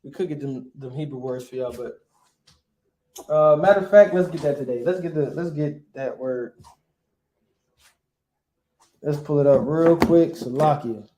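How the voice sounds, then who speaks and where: A male teacher gives a casual, informal lesson on Bible languages in a slightly high, warm voice with reverb. He keeps checking in with "right?" and pauses now and then to look up words.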